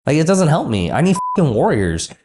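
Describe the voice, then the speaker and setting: A man's voice: on the high side, sing-song, brisk. A man coaching a business owner in a blunt, profane, ranting way.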